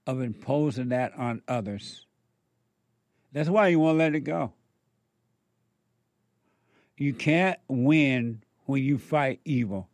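A man delivers a spiritual sermon at a slow, deliberate pace. He leans on repetition and rhetorical questions, and his voice sits in a middle register. The sound is dry and close. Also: medium pitch, darkish tone, dry recording. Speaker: preacher.

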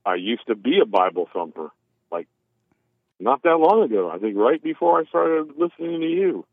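A man calling in by phone, rambling and halting with self-deprecating restarts. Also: mid-range voice, very animated, no echo. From California. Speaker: caller. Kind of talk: phone call-in chat. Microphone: telephone. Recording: tinny phone line.

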